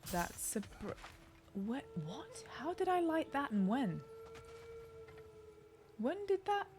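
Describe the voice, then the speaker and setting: A woman's voice: high-pitched, big pitch swings, slow, darkish tone. A young woman streamer chatting and reacting aloud as she plays a video game. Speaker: gaming streamer. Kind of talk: let's play commentary.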